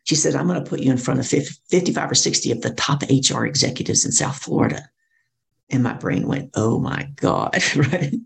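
A middle-aged woman, a professional speaker and coach, telling her story in an interview and acting out other people's lines in lively voices. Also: a bass voice, a little fast, vocal fry.

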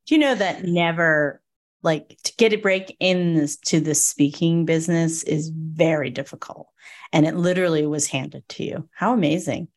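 A woman's voice: low-pitched, moderate pace. A woman hosting an interview, answering her guest's story with encouraging remarks. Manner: encouraging, affirming listener. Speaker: host. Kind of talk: interview chat.

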